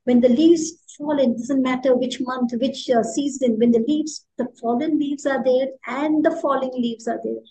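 A woman with an Indian accent teaches a workshop in a high, warm, mellow voice. She speaks expressively and with emphasis, stressing her points by repeating words. She sounds middle-aged. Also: fairly even intonation, moderate pace, hardly any pauses, rough recording. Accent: Indian English. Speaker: poet leading a workshop.

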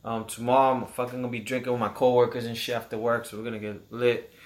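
A man's voice: medium pitch, little pitch movement, quick pace. Young male co-host, from Puerto Rico, laid-back, swears a lot, laughs easily. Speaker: podcast co-host. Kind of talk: casual chat.

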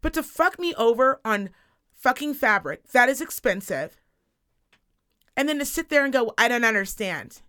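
A woman in her thirties co-hosting a casual podcast, telling a story in an animated, profane rant. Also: sits high, normal speed, pauses often. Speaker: podcast co-host. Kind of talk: casual chat.

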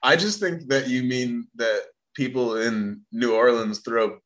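Male guest, mid pitch, jokey interjections over a video call. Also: fairly bright tone. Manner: quick, joking interjections. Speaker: podcast guest. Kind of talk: casual chat.

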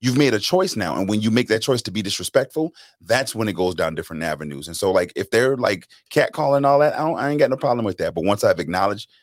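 A man's voice: lowish voice, expressive, quick pace, hardly any pauses, no room sound, studio quality. A man co-hosting a casual discussion, talking in an emphatic, reflective way. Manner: emphatic, reflective, mimics voices. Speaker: co-host.

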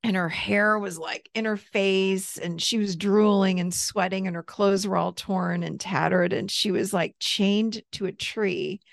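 A middle-aged woman, a therapist and coach, telling a personal story as a podcast guest in a candid, animated way, laughing easily and swearing freely. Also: medium pitch, unhurried, creaky, hardly any pauses, dry recording, studio quality. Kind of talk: casual storytelling in an interview.

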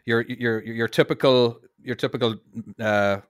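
A man's voice: mid-range voice, fairly even intonation, a little slow, no echo, studio quality. A man co-hosting a casual podcast, asking questions in a hesitant way and restarting his sentences.

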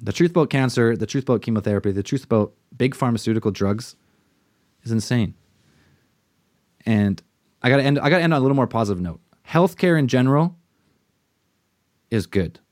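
A man's voice: medium pitch, lively intonation, fairly quick, pauses often, a little mellow, no echo, studio quality. A man co-hosting a podcast in casual chat, ranting with lots of swearing and mocking put-on quotes. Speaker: podcast co-host.

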